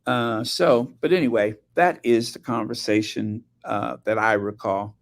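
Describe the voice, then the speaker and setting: A man's voice: lowish voice, unhurried. A man hosting a casual commentary channel, talking hesitantly with many fillers and restarts. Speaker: channel host.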